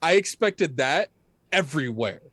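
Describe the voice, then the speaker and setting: A man's voice: a little high, lively intonation, a bit bright, dry recording. A man co-hosting a gaming podcast in casual chat, loose and filler-heavy. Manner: quick, loose, many fillers. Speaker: podcast co-host.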